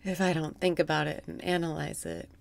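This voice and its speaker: A woman guiding a meditation, speaking softly and often slipping into a whisper, with wry, self-mocking laughter. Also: sits low, little pitch movement, a little fast, creaky, dry recording. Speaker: meditation guide. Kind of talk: guided meditation.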